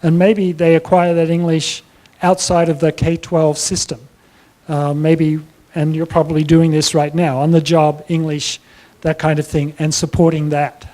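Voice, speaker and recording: Male keynote speaker, explanatory and measured, mellow timbre, fielding questions from the floor. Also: a little high, little pitch movement. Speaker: plenary speaker. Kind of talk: conference lecture and Q&A answers. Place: conference hall.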